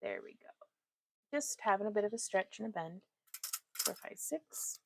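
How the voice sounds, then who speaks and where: A woman hosts a craft live stream, demonstrating her weaving while chatting and giggling with her viewers and talking to the chat. Her voice is mid-range, brisk and creaky, with a darkish tone.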